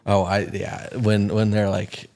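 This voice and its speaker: A man's voice: lowish voice, monotone, a little slow, gravelly, a little mellow. A man co-hosting a podcast in casual chat, animatedly retelling movie scenes and acting out lines. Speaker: podcast co-host.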